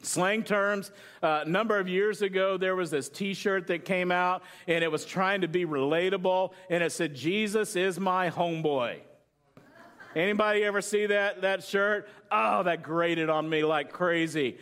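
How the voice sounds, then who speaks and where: Man, pastor, middle-aged, sermon, high voice, conversational, asks the crowd questions. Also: unhurried, a bit bright, smooth. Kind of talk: sermon with humorous illustrations.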